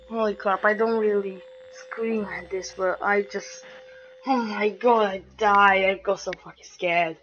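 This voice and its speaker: A woman's voice: medium pitch, a bit bright, muffled recording, slight background noise. A woman giving let's-play commentary on a horror game, jumpy and swearing, taunting the game's characters. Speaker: gamer playing a horror game.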